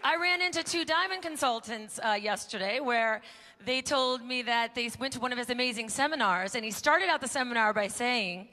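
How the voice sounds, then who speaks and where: A woman's voice: fairly high pitch, brisk, sharp tone. A woman emceeing a conference, joking and poking fun at herself before an audience. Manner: joking, self-mocking. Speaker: event emcee. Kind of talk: stand-up style stage hosting. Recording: live event with crowd and noise.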